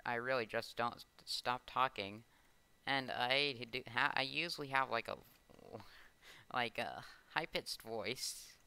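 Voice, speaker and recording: A man's voice: medium pitch, measured pace, bright, forceful tone, clear, resonant tone. A man casually rambling to himself while playing a game roleplay, often stopping to correct himself. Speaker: YouTuber playing a Minecraft roleplay. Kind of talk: casual gameplay roleplay commentary.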